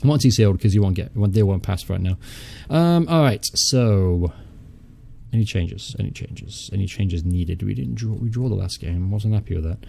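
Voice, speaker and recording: Young male let's-play host, low-ish mellow tone, chatty, mutters and swears offhand. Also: expressive, normal speed, vocal fry, few pauses, slight background noise. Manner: chatty, thinks aloud, mutters and swears casually. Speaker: gaming channel host. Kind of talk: casual let's-play commentary.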